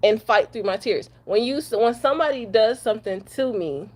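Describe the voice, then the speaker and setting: A woman's voice: a little high, expressive, moderate pace, darkish tone. A young woman from Detroit, a truck driver, venting bluntly to camera after crying, cussing and repeating herself. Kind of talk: emotional rant to camera.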